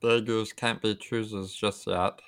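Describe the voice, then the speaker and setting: A man's voice: lowish voice, flat delivery, a little slow, a bit bright. A man playing a tabletop game who makes dry jokes. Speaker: player.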